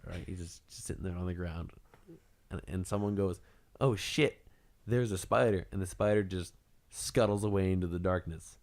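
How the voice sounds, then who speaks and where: A man's voice: low-pitched, fairly even intonation, moderate pace, darkish tone. A man in a casual podcast chat, telling stories and acting out other people's voices, swearing freely. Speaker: podcast co-host.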